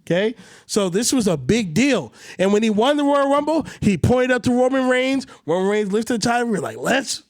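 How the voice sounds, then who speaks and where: A man co-hosting a podcast in casual chat, ranting with lots of swearing and big swings in pitch. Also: animated, normal speed, dry recording, studio quality. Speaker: podcast co-host.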